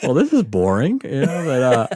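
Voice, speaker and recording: Podcast guest, man from the Gulf Coast: lively, profane storyteller, swooping pitch, dead-dry sound. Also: moderate pace, dry recording. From Mississippi Gulf Coast. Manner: animated, profane, laughing storyteller. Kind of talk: casual storytelling.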